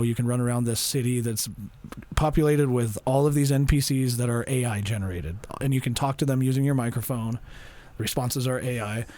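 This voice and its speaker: A young man co-hosting a podcast, chatting casually and acting out what people said in lively voices. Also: mid-range voice. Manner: animated storyteller, acts out quotes in voices. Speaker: podcast co-host.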